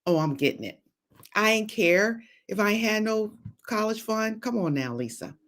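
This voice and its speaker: A woman's voice: mid-range voice, expressive, normal speed, fairly bright tone. A middle-aged woman hosting a motivational faith talk, exhorting viewers and greeting them by name, with playful asides and frequent laughter. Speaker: host and psychologist.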